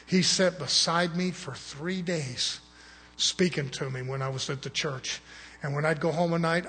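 A man preaching a sermon, telling a story with animated, emphatic bursts. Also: on the high side, gravelly, breathy edge. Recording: long hall reverb.

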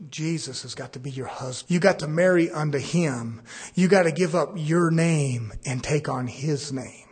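A man preaching a sermon in a folksy way, swinging from hushed asides to loud, fervent surges. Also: mid-range voice, slightly rough. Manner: folksy, uses "ain't".

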